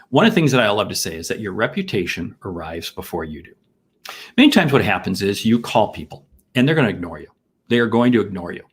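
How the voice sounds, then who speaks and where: A middle-aged American man hosting a live sales masterclass, enthusiastic and full of rhetorical questions and shout-outs to viewers. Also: fairly low pitch, slightly rough. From United States. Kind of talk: energetic live-stream teaching.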